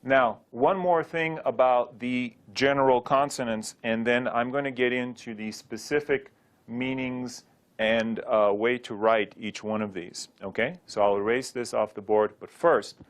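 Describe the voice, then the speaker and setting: Guy teaching a class, says sounds over and over for people to copy, mid pitch voice. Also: steady tone, unhurried. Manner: drills syllables aloud for students to repeat. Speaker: Sanskrit teacher. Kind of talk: classroom lecture.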